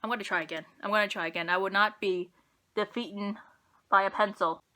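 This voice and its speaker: A young woman with a bright, clear tone talks her way through a makeup tutorial. She rambles and pokes fun at herself as she applies each product. Her speech is casual and unscripted. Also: mid-range voice, steady tone, brisk. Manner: rambling self-deprecating, talks while applying makeup. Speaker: beauty vlogger.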